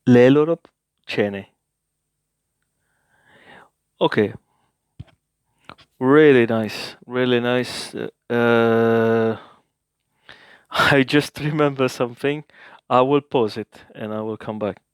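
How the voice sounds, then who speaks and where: A man hosting a casual spoken language lesson, thinking aloud with many filler sounds and repeating words slowly for the listener. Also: mid-range voice, fairly even intonation, clear, resonant tone, dry recording, clean studio sound. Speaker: language-learning video host.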